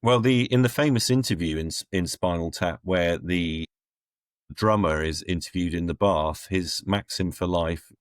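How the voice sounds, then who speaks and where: A middle-aged man with a deep, low-pitched voice speaks as an interview guest. He talks bluntly and plainly, with dry, wry asides and firm opinions. The sound is close and dry, with no room echo. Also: measured pace. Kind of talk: conversational interview answers.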